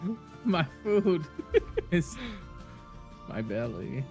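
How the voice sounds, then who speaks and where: A man's voice: a little high, very animated, extremely slow, gravelly, darkish tone, soft background music. Goofy man at a tabletop game. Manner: goofy, playful. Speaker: game player. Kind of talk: casual game table chat.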